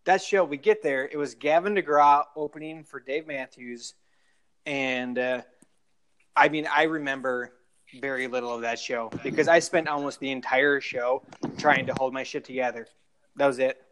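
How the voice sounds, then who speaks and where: A man's voice: mid-range voice, moderate pace, a bit bright. A young adult man telling long, rambling stories in a casual podcast chat, full of fillers and restarts. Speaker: guest storyteller.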